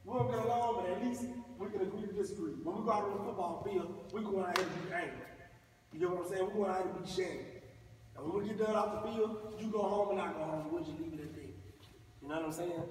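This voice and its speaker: Heard from far away in an echoey school gym or hall, a middle-aged Mississippi man, a motivational speaker, lectures schoolboys about bullying in a preachy, colloquial way and gets them responding back. His voice is high and fast, with slight background noise.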